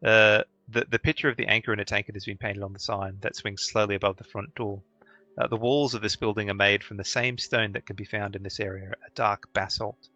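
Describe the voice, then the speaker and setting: A man narrating a tabletop role-playing game as game master, halting often with ums and uhs. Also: fairly low pitch, no echo. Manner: relaxed, halting narration with many fillers.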